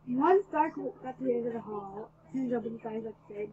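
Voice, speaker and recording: An excitable woman reading her own fan story aloud, swinging from loud dramatic bursts to hushed mumbles. Her voice sits fairly high. The recording is dull and lo-fi, with a faint hiss behind it. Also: a little fast. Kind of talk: read-aloud story narration.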